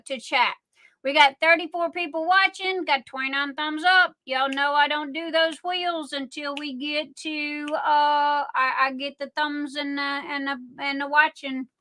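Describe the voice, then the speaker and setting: A middle-aged woman with a Southern US accent chats her way through a live craft show, drawling slowly and leaning on fillers. Her voice sits high and sounds bright and sharp. She rambles loosely from one item to the next. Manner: rambling, chatty, many fillers. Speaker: livestream host selling crafts. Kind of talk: casual live-stream chat.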